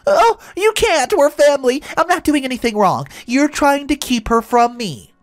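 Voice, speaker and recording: A man voicing a delusional older stepmother-in-law, gushing and pleading in a high put-on voice. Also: big pitch swings, normal speed, faint music behind.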